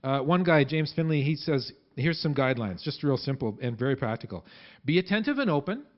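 A man gives a relaxed, conversational sermon to his church, restarting his sentences as he goes. His voice sits a little high for a man. The recording is muffled and lo-fi, as if taped in the sanctuary. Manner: conversational, halting with many restarts. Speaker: pastor.

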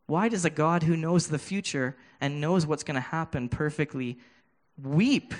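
A man giving a sermon with a personal testimony, earnest and halting, often restarting his words, speaking into a handheld microphone. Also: on the high side. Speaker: preacher.

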